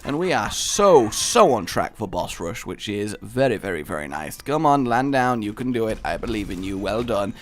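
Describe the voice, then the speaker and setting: A young man commentating his own gameplay in a jokey, excitable way, breaking into loud, high exclamations. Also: normal speed, few pauses. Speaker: gaming video host. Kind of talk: let's play commentary.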